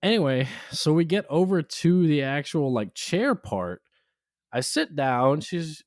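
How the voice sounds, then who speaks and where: A man in his twenties co-hosting a casual podcast, telling a story with lively acted-out quotes while in jaw pain. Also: moderate pace, no room sound, clean studio sound. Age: 20s. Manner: animated storytelling, acts out quotes with raised pitch. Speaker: podcast co-host. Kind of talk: casual chat.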